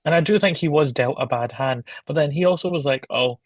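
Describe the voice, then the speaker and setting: A man's voice: fairly high pitch, fast talker, no room sound. A man co-hosting a podcast as a guest, talking in an eager, gossipy, chatty way. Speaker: guest co-host. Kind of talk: casual chat recapping a reality show.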